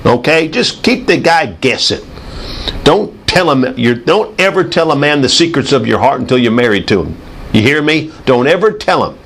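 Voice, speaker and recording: A middle-aged man preaching a sermon with animated storytelling, acting out sounds with his voice. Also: vocal fry, a little hiss or hum. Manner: animated, swooping pitch, does sound effects.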